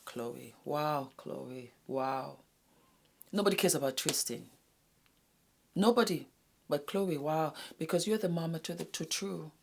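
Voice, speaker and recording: A woman from West Africa hosting a casual commentary video, talking earnestly to her viewers and dropping to a hushed whisper to stress a point. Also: deep voice. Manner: addresses viewers as "my darlings". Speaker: YouTube host.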